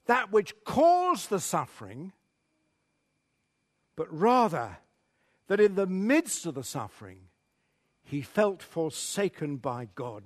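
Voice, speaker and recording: Male preacher, high and very animated, dramatic scripture readings. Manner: dramatic, reads scripture with rising intensity. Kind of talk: sermon.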